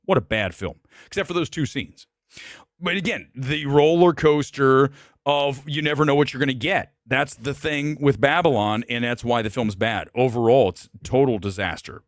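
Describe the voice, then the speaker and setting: A man hosting a live movie talk show, giving blunt and opinionated takes on awards picks, jumping between loud outbursts and low muttered asides. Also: no echo, studio quality. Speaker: film talk show host. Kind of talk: live movie review chat.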